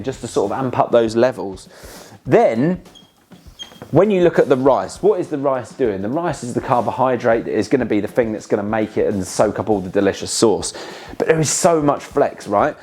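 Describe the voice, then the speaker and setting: A young man, a chef explaining recipes in a chatty, animated way and swearing casually. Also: medium pitch, husky.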